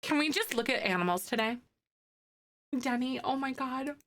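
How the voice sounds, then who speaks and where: A woman's voice: high-pitched, moderate pace. A young woman, chatting casually on a live stream and reading viewer comments, gushing and cooing over pet photos. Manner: gushing, excitable, coos over pets.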